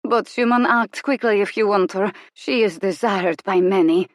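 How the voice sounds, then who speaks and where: A woman voicing a shrewd middle-aged female fortune teller, speaking slowly and knowingly in a rustic dialect. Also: medium pitch, no room sound, clean studio sound, pitched above the performer's own voice, close to an everyday voice. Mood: theatrical. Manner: slow, knowing, dialect-tinged speech.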